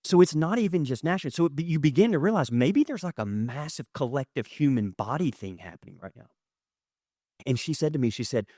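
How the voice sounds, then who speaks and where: A man delivering a conversational sermon from a church stage, open and animated, full of quick asides. His voice sits at an ordinary middle pitch. The sound is dry and close, with no room echo. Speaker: pastor. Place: church auditorium.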